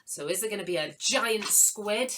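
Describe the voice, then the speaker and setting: A woman's voice: medium pitch, expressive, normal speed, a bit bright, slight background noise, low-quality recording. A woman running a live online writing workshop for children, chatty and encouraging as she greets viewers by name.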